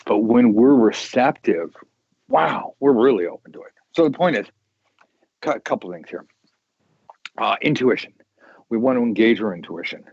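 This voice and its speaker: A man hosting a casual tarot chat, talking in a loose, rambling way and often restarting his sentences. His voice sits at an ordinary middle pitch. The recording is dull and lo-fi, with very little room sound. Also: moderate pace, pauses often, husky, no echo. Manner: rambling, animated, with many restarts. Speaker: tarot podcast host.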